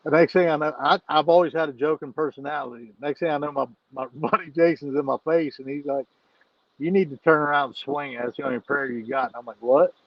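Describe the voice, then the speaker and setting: A man's voice: fairly high pitch, fairly even intonation, fast talker, dry recording, dull audio. A man telling a rowdy story as a podcast guest, laughing and cursing freely. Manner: laughs often while telling stories, swears freely. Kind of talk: casual storytelling.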